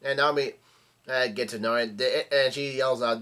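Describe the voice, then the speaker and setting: A man's voice: medium pitch, fairly even intonation, a little slow, bright, forceful tone, clear, resonant tone. A man casually reading and recapping a comic chapter, stumbling and restarting often. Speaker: manga reaction channel host. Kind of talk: casual read-along recap.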